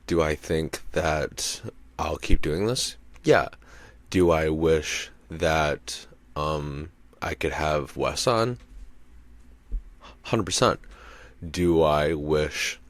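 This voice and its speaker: A man's voice: extremely low pitch, no room sound. A man hosting a podcast, telling a rambling, profane story in a casual monologue and often checking in with the listener. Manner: rambling, profane, keeps asking "you know what I mean". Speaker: podcast host and comedian.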